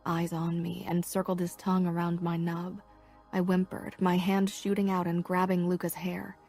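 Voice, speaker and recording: Husky low-voiced woman narrating a romance. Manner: soft, half-whispered, unhurried reading. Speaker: audiobook narrator. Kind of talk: first-person romance audiobook narration.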